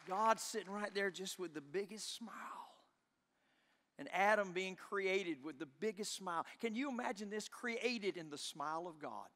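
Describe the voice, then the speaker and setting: A middle-aged man preaching a sermon as pastor, impassioned, swinging from shouts to hushed tones. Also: high-pitched, expressive, normal speed, big-room sound. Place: church sanctuary.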